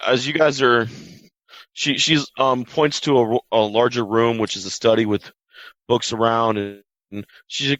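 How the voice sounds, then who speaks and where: A man running a tabletop game as game master, narrating haltingly with restarts. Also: medium pitch, steady tone, fairly bright tone, no room sound. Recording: dull, dry sound.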